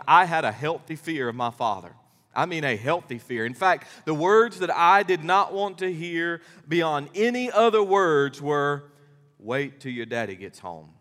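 A middle-aged pastor delivers a sermon in a high, lifted voice, folksy and emphatic as he tells his stories. The sound carries a long reverb from a church sanctuary. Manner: animated storytelling preacher, folksy and emphatic.

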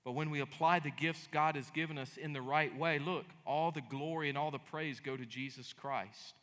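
A middle-aged man preaching with a bright, forceful, slightly high voice. He acts out little scenes of dialogue and jumps into loud bursts. His voice rings with a long reverb through a church hall. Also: steady tone, moderate pace. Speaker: pastor. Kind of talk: sermon. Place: church sanctuary.

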